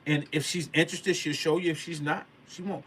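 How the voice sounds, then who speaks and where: A man's voice: fairly high pitch, steady tone, fairly quick, a bit bright, a little hiss or hum. A man vlogging a motivational story in a casual, slangy way, stressing and repeating his points like a sermon. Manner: emphatic, preachy, repeats key points.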